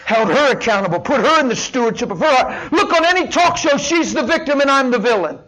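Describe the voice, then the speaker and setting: Impassioned high-voiced preacher, man. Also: expressive, brisk, rough recording. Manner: impassioned, swings from hushed to shouting. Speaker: pastor. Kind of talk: sermon.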